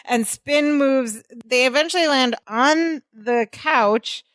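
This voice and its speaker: A woman's voice: high voice, slow pace, a bit bright, no echo. A woman co-hosting a podcast, casually retelling a sitcom episode scene by scene. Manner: storytelling, narrates scenes step by step. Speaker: podcast co-host.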